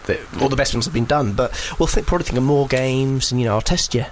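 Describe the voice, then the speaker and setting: A man's voice: mid-range voice, fast, a little hiss or hum. A man co-hosting a radio show, trading casual banter and reading out a comic story with playful giggles.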